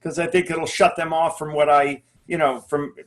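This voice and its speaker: A man's voice: a little high, level tone, normal speed, fairly bright tone. A man comedian in a casual chat, speaking hesitantly and thoughtfully with many fillers.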